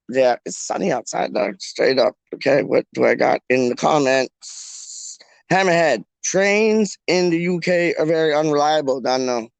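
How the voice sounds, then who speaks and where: Young guy hosting a fan stream, rambling and jokey, voice on the high side, dry close mic. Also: creaky, no echo. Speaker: fan channel host. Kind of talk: casual solo live-stream chat.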